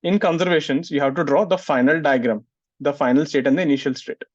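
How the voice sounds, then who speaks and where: A man's voice: fairly high pitch, steady tone, fast talker, dry recording. Man, physics teacher, classroom lecture, muffled, dry. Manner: scolds students, asks "getting it?" often.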